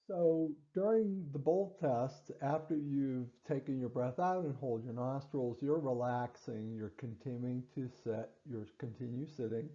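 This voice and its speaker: A clinician with a medium-pitched, dark-toned voice explains a breathing test to patients, unhurried yet with hardly any pauses. He repeats and stresses key points, using fillers and restarts, and the audio sounds dull.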